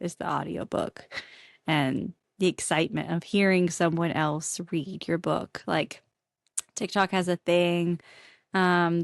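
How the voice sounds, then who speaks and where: A woman who owns a bookstore is a guest on a podcast, chatting in an upbeat way and laughing often. Her voice is a bit low and sounds dry and close. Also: creaky, no echo. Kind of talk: casual interview chat.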